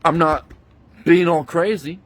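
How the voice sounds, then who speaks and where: A man's voice: on the high side, fairly even intonation, measured pace, no echo. A man angrily retelling a bad experience in a profane, indignant rant, talking into a handheld phone he keeps switching between hands. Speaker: vlogger. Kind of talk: angry storytime rant.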